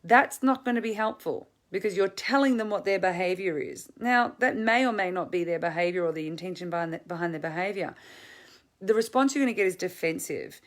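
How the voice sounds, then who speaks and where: Earnest woman coach, low-pitched. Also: a little fast. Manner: conversational, thinking aloud with many restarts and fillers. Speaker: relationship coach. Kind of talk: direct-to-camera advice talk.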